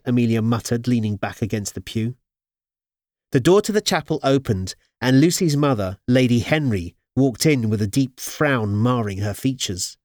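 A man narrating an audiobook with expressive storytelling. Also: mid-range voice, normal speed, no room sound, clean studio sound.

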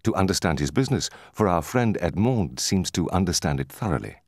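A man voicing an eager older male shipowner in an audiobook, raising his voice in excited questions. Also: low voice, a little fast, dry recording, clean studio sound, full character voice. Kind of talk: audiobook character voice.

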